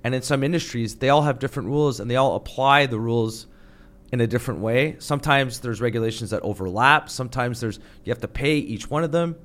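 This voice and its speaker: A man's voice: medium pitch, fast talker, a bit bright. A man talking on a podcast in an emphatic, heated, ranting way. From Canada. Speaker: podcast guest or host. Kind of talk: podcast discussion.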